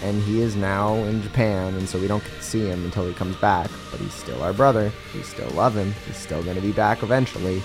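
A man's voice: fairly low pitch, a little fast, hardly any pauses, music in the background. A man co-hosting a casual chat, talking in a jokey, direct way.

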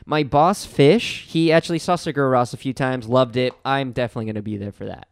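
A man's voice: medium pitch, fast, gravelly, smooth, no echo, studio quality. A man hosting a college radio show, chatting eagerly about bands in a rambling way with many restarts. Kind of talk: casual chat. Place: radio studio.

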